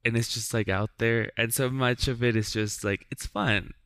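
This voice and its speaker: Smooth-voiced laid-back male host. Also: medium pitch, fairly even intonation, normal speed, a bit bright, no echo. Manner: laid-back, enthusiastic, swears casually. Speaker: podcast host. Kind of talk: casual chat.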